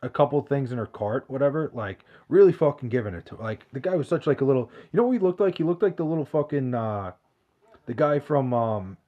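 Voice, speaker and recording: A man's voice: medium pitch, warm tone, dull audio. Profane rambling New guy. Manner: rambling, profane, restarts a lot. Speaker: podcast host reading live chat. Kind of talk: casual chat.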